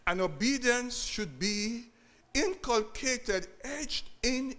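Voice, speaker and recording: High-voiced, slow male preacher. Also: expressive, pushed and bright. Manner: preaching with repetition and call-outs to the congregation. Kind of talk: sermon.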